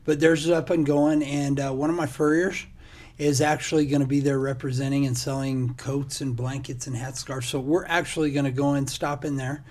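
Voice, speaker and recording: A middle-aged man co-hosts a podcast in a mid-range voice at normal speed. It's a casual chat, and he tells stories animatedly, laughing often.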